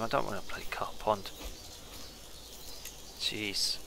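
Gravelly man musing over a strategy game. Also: fairly low pitch, flat delivery, a little slow, background noise. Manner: musing, thinking aloud, trailing off. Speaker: gameplay commentator. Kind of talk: casual let's-play commentary.

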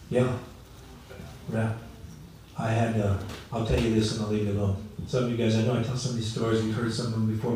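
A man's voice: lowish voice, mellow. A middle-aged male pastor preaching a sermon in a chatty storytelling way, acting out the people in his stories. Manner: conversational storytelling, acts out quoted voices. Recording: very echoey room, mic at a distance.

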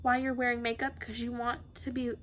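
A woman's voice: fairly high pitch, level tone, brisk, fairly bright tone, lightly acted. A woman reading the lines of a self-centered teenage girl in a novel, in close to her own voice. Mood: cutting.

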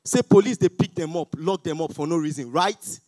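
A young Nigerian man with a Nigerian accent doing a stand-up comedy set on an auditorium stage, loud, pleading and mock-outraged with the crowd. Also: a little high, a little fast, no room sound. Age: young adult.

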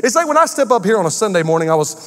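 A male pastor preaching a sermon in a church, acting out quotes with shifts in pitch and pace. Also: very animated, very fast, in a large hall.

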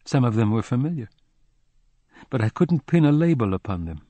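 A man narrating a literary audiobook in a measured, somber first-person reading. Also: mid-range voice, sing-song, warm tone, no echo.

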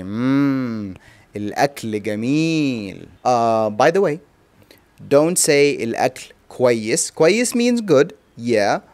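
Man teaching phrases. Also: mid-range voice. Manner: explains phrases slowly, repeats them, chuckles. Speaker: language teacher. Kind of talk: casual language lesson.

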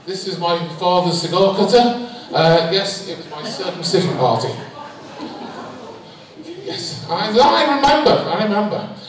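A middle-aged man with a Liverpool accent delivers deadpan stand-up one-liners in a fairly high voice. He is picked up from a distance in a very echoey hall, with a faint hiss underneath. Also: measured pace. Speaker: stand-up comedian. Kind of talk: stand-up comedy set. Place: large hall on stage.

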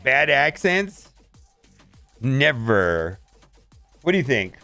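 A man's voice: medium pitch, sing-song, very slow, pushed and bright, dry recording, faint music behind. A man casually commenting on his mobile game as he plays, thinking aloud and restarting his sentences often.

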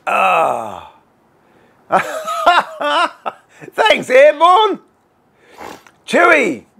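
A middle-aged man with an Australian accent, chatting on a casual livestream. His voice is gravelly and his pitch swings widely, and he talks at an unhurried pace. He greets viewers by name with easy, self-deprecating humour. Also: sing-song, a bit bright. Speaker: woodworking livestream host.

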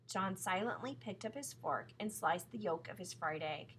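A woman narrating a children's book chapter in clear, steady storytelling. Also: mid-range voice, moderate pace, few pauses, a little hiss or hum, low-quality recording.

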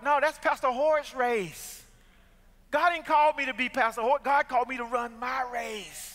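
High, bright-voiced preacher man in a reverberant church. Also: unhurried. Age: middle-aged. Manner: impassioned, repetitive preaching with audience call-and-response. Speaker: pastor. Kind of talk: sermon. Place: church sanctuary with gallery. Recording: long hall reverb from church.

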